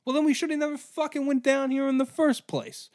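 A man's voice: extremely high pitch, fairly even intonation, brisk, a little mellow, no room sound. Profane, ranting man on a dry mic. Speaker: podcast host. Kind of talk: comedic history podcast rant.

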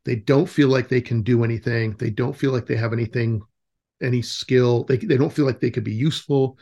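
A man's voice: medium pitch, steady tone, fairly quick, dark tone, muffled recording. A man in his forties, a nature camp director, telling stories as a guest in a casual interview, with lots of fillers and restarts. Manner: rambling storytelling with many fillers and restarts.

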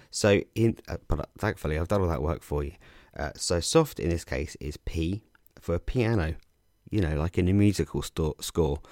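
A man casually explaining crossword clues as a podcast host, relaxed and chatty with frequent ums and restarts. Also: deep voice, no room sound, clean studio sound.

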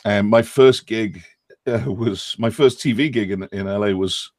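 A man's voice: fairly low pitch, a little slow, a little mellow, no echo, clean studio sound. A middle-aged British man, an actor and former acting coach, explaining at length in a chatty, self-deprecating way with many ums. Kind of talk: interview answers.

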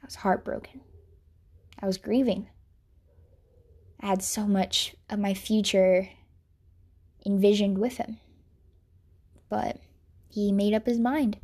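A young woman earnestly telling a personal faith story, sorrowful and reflective, sometimes dropping to a soft whisper. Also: mid-range voice. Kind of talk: personal testimony monologue.

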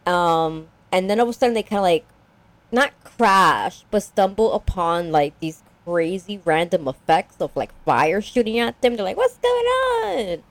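A woman's voice: on the low side, normal speed, no room sound. A young woman casually recapping a story as a podcast co-host, rambling with lots of "like" and acting out characters.

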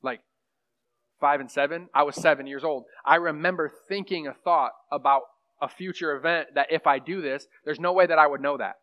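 A young man preaches in a loose, chatty way, drifting through fillers and asides as he teaches. His voice sits a little high for a man. The recording sounds muffled and lo-fi. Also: a little fast. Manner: rambling, conversational, lots of fillers. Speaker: pastor teaching a class. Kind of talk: casual sermon teaching.

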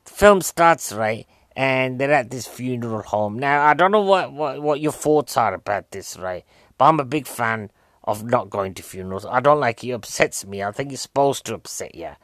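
A man's voice: mid-range voice, lively intonation, normal speed, fairly bright tone, no room sound. A man giving a rambling, comic recap of a film, full of rhetorical questions. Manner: rambling, chatty, keeps asking "right?" and rhetorical questions. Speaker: film reviewer.

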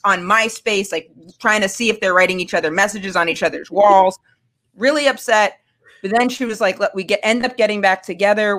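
Young woman, casual storytelling, candid, animated, acts out quoted lines, podcast chat. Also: medium pitch. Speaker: storyteller guest.

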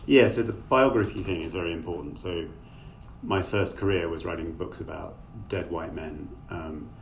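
A man's voice: low-pitched, moderate pace, a crowd in the background. A middle-aged man, an author, speaking as a guest in a conversational interview over a video call, thoughtful and rambling with many fillers. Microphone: remote call microphone. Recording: distant mic with faint noise.

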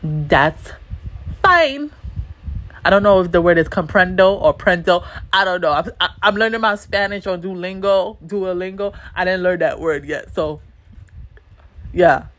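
A woman's voice: fairly low pitch, steady tone, moderate pace. A woman hosting a solo podcast, talking bluntly and emphatically with plenty of swearing and repeated lines. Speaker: podcast host.

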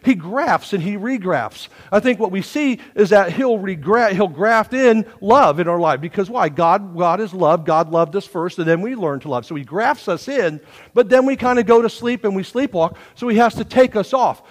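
Male pastor, folksy sermon, high and highly animated delivery, big reverberant church sound. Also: normal speed. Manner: folksy, animated preaching with sudden swings from hushed to loud. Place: church sanctuary.

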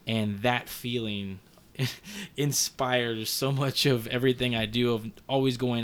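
A man's voice: medium pitch, fairly even intonation, slow pace, fairly bright tone, clean tone. A man in his thirties talking in a casual, heartfelt, rambling way, with lots of fillers and some swearing. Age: 30s. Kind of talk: casual conversation.

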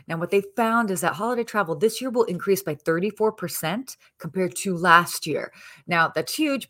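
A woman with a slightly low voice keeps things hushed, since she is talking from a hotel early in the morning. She runs through a hospitality news segment in an upbeat, chatty way, with plenty of fillers along the way. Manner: hushed, softly spoken. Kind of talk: casual news segment, then chat.

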